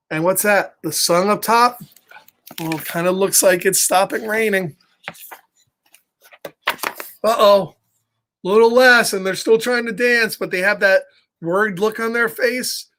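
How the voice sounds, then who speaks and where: Man, children's story time host, slow and gentle, animated, chatty, laughs a lot. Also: high voice. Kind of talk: reading a picture book to children online.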